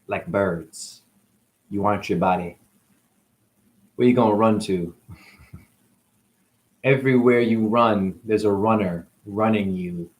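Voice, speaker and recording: A man acting as a spiritual teacher, talking through a rambling monologue with free-associating wordplay and musing asides. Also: fairly low pitch.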